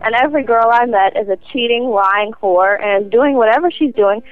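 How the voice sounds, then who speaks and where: A woman's voice: fairly high pitch, fairly quick, clean tone, dry recording, faint music behind. A woman leaving a gushing voicemail. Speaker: voicemail caller. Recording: phone-line voicemail, dry.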